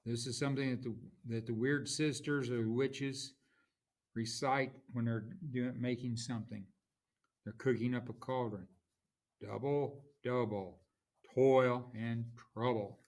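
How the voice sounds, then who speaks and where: A man teaching a class, explaining terms slowly and reading out examples with marked stress. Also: medium pitch, steady tone. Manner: slow, explanatory, reads examples aloud with stress. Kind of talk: classroom lecture.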